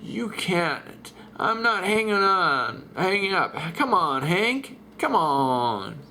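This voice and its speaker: A man voicing a rambling, excited middle-aged radio caller who talks slowly and halting, repeating himself in a comic voice-over dub. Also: high voice, a little hiss or hum, pitched above the performer's own voice, heavily acted. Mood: insistent.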